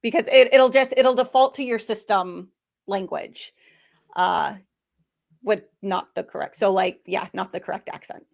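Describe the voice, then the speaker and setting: A woman's voice: medium pitch, a little slow, creaky. Woman, casual webinar Q&A, friendly, thinks aloud, fillers. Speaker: webinar panelist.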